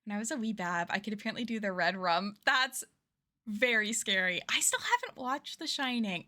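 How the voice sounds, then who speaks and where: A woman's voice: mid-range voice, animated, moderate pace, pushed and bright. A woman streamer in casual livestream chat while playing a game, chatty, giggly and self-deprecating.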